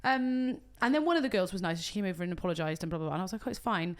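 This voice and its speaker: A British woman and wedding coordinator, co-hosting a podcast and telling an animated story full of acted-out quotes. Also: on the low side, very fast. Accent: British English. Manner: animated storytelling, acts out quotes, swears casually. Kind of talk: casual chat, storytelling.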